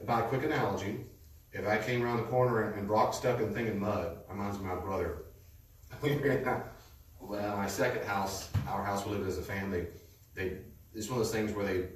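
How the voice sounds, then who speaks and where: A man teaching a class in a conversational way, telling stories with a lively manner to a live audience. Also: fairly low pitch, a little fast. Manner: lively storytelling, lecturing. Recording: echoey room, distant mic, faint noise.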